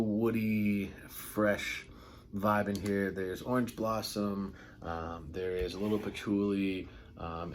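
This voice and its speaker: A man's voice: sits low, slight background noise. A man casually reviewing colognes, enthusiastic and rambling, with lots of ums and filler words. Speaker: fragrance reviewer.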